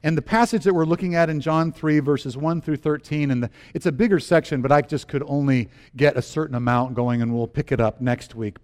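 A middle-aged man preaching a sermon, telling personal stories with animated, acted-out moments and quiet earnest turns. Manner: animated storyteller, acts out scenes with sudden high exclamations. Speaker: pastor.

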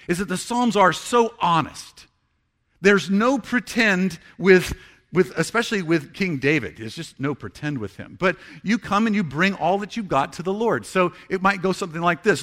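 A man's voice: high voice, fairly bright tone. A man preaching a sermon as pastor, conversational and earnest, acting out heartfelt prayers.

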